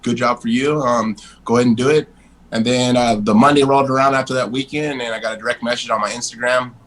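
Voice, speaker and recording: A man in his forties is a guest in a casual interview, telling stories bluntly and animatedly and swearing freely. His mid-range voice moves at a quick pace, and the recording is rough.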